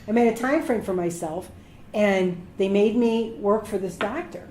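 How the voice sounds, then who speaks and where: A woman's voice: mid-range voice, normal speed. Storytelling woman in an echoey room. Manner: lively storyteller acting out quoted voices. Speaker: medical assistant speaking to students. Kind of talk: career advice talk. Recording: echoey room with faint noise.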